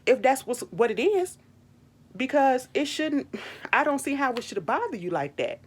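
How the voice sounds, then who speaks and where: A young woman giving an exasperated, animated, swearing recap of a reality show. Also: normal speed, slightly rough. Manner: animated, exasperated, swears freely, jumps into high quoted retorts. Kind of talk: casual opinionated recap.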